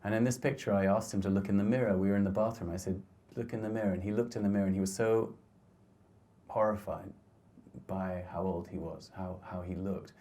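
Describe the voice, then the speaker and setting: A middle-aged man with a low, mellow voice talks through his photographs in a lecture hall. He speaks gently and thoughtfully, often stopping to restart his sentences. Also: fairly even intonation, a little fast. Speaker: photographer giving a talk. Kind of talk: reflective slide talk.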